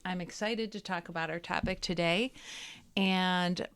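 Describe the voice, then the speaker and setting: A woman hosting a podcast interview, asking questions gently and encouragingly and telling a story of her own. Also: fairly low pitch, fairly even intonation, unhurried. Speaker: podcast host.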